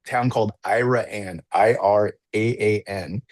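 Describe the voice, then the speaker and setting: A low-voiced man chats as a podcast guest, a coach telling a long personal story. He rambles, restarts his sentences, fills them with "like" and acts out the voices of the people he quotes. The sound is dry and close, with no room echo. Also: measured pace, darkish tone. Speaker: assistant track and field coach, podcast guest. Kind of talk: casual storytelling in an interview.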